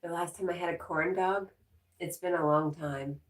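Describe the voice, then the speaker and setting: A woman's voice: on the low side, steady tone, normal speed, distant mic. A woman hosting a livestream, chatting casually as she reads viewer comments aloud and laughs often. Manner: chatty, laughs often, talks to her dog. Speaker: livestream host.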